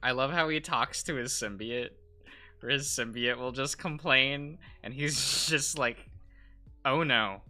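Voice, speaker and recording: A man's voice: mid-range voice, a little slow, bright, forceful tone, faint music behind. A male streamer chatting casually and rambling with frequent laughs while he draws.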